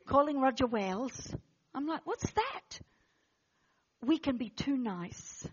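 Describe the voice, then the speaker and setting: A woman preaching an impassioned sermon, swinging between loud exhortation and hushed intensity, with frequent restarts. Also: sits high, animated, measured pace, husky, highs cut off. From Australia. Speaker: guest preacher.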